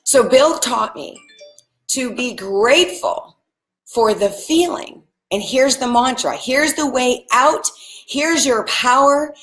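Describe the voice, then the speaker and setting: Speaking slowly in a high, fairly bright voice, a woman leads a live-streamed spiritual teaching meant to motivate. She addresses viewers earnestly and directly, returning to certain phrases again and again like mantras.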